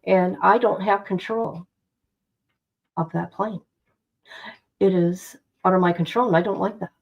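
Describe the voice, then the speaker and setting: A woman reacting live for her viewers, talking plainly and bluntly at a middle pitch. Her sound is a little dull and lo-fi, as if from a basic setup. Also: steady tone, measured pace. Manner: chatty, blunt, talks straight to her audience. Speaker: streamer reacting to news. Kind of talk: casual live commentary to viewers.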